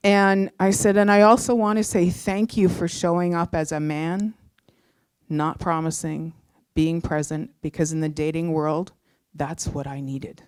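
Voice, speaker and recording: A middle-aged woman from Canada telling a personal story, heartfelt, moving between animated and hushed moments. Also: low-pitched, a little slow, clean tone, no echo, clean studio sound.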